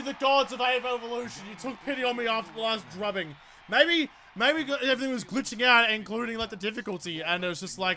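A man's voice: sits high, fast talker, hardly any pauses, pushed and bright. An Australian man giving live commentary while playing a football video game, ranting and swearing freely at how the match is going.

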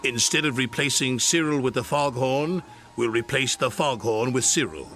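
A man narrating a children's TV story, doing gruff character voices for the lines. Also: medium pitch, normal speed, fairly bright tone, faint music behind, natural voice.

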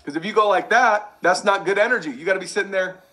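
A man coaching a sales team, energetic and repetitive, drilling catchphrases over and over. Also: high voice, quick pace. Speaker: sales trainer. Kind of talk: energetic sales training talk.

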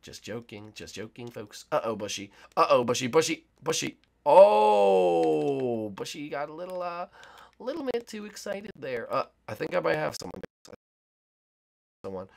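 Young man, gaming commentary, gravelly voice, teasing sportscaster play-by-play. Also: fairly high pitch, sing-song, moderate pace, darkish tone. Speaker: gaming YouTuber. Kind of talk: excited gameplay commentary.

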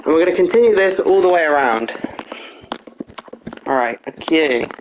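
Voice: medium pitch, animated, normal speed, a little hiss or hum, low-quality recording. Methodical voice talking through a build. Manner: methodical step-by-step instructions, counting blocks aloud, frequent "uh"; apologetic, corrects own slips. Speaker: building tutorial narrator. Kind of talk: casual game-building walkthrough voice-over.

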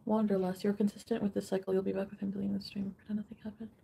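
A woman on a live stream, reading viewer comments aloud. Her voice is gravelly and husky, and she talks in an emotional, unfiltered way with plenty of swearing. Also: medium pitch, little pitch movement, racing, dark tone.

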